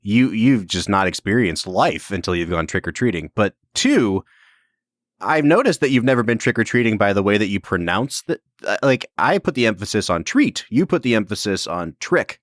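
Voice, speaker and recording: A man's voice: on the low side, very animated, moderate pace, dry recording, clean studio sound. A man in his thirties co-hosting a podcast in casual, teasing chat. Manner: joking, teasing. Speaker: podcast co-host.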